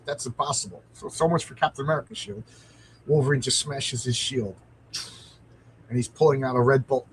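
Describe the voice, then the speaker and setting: A man's voice: mid-range voice, slight background noise, low-quality recording. A man hosting a live stream, reading a comic aloud with enthusiasm and answering viewer comments.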